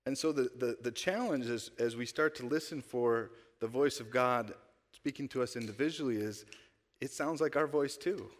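A man's voice: mid-range voice, normal speed. A male pastor giving a conversational sermon, asking the congregation rhetorical questions. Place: church sanctuary. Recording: long church-hall reverb.

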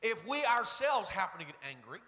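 A man's voice: sits high, sing-song, fairly quick, pushed and bright. A man preaching a sermon, telling stories earnestly and acting out the people he quotes. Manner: earnest storytelling, quotes people in varied voices. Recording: long reverb of a large hall.

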